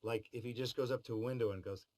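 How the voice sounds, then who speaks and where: A man's voice: medium pitch, fairly even intonation, quick pace, a little mellow, poor audio. A middle-aged man talking in a behind-the-scenes interview about voice work, with a wry, joking manner. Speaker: voice actor in behind-the-scenes feature. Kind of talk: interview talk.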